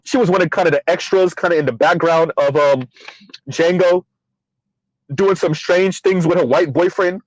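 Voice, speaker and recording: A man's voice: high voice, no room sound, poor audio. A man hosting his own channel, ranting in a blunt, profane commentary with rhetorical questions. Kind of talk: casual commentary rant.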